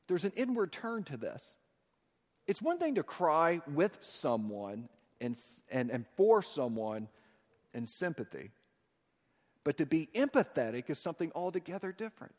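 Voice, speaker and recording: A man preaching in a church with a fairly high voice, swinging between ringing declarations and quiet, hushed asides. His voice carries a long hall reverb that trails after each phrase. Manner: emphatic, swinging between loud proclamation and soft hushed asides. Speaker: pastor. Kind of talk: sermon. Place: church sanctuary.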